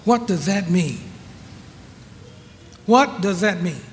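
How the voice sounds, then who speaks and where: Man, preacher, high voice, emphatic sermon, reverberant hall. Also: animated, a little hiss or hum. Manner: slow, emphatic preaching with repeated rhetorical questions.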